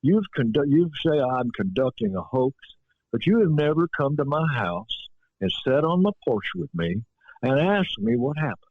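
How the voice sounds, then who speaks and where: A man's voice: medium pitch, very animated, normal speed, dry recording, narrow, tinny audio. A man voicing a plain-spoken older man with a Southern US accent, earnest and direct. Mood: indignant.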